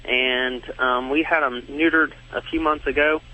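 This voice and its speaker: A man's voice: mid-range voice, steady tone, sharp tone. Hesitant male caller on a dull phone line. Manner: hesitant, halting. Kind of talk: phone-in question.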